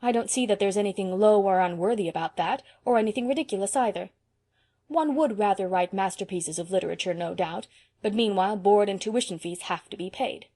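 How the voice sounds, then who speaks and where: A woman's voice: mid-range voice, a little fast, mellow, lightly acted. A woman reading an audiobook, voicing a practical young man who speaks in a matter-of-fact, reassuring way. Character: sensible young man student, friendly and practical. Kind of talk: audiobook character voice.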